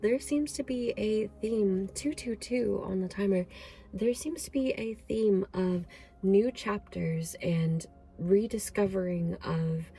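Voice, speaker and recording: A woman's voice: medium pitch, slow, mellow. A woman giving an emotional, effusive pick-a-card tarot reading, rambling with fillers. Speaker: tarot reader.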